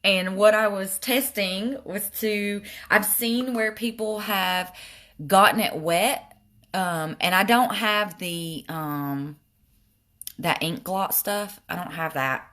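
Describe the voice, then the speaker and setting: A woman's voice: mid-range voice, slow, fairly bright tone. An older woman with a Southern accent chats casually while demonstrating her eye makeup and answering viewers' comments. She often makes fun of herself. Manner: chatty, self-deprecating, reads comments aloud. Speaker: makeup live streamer. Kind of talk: casual makeup tutorial live stream.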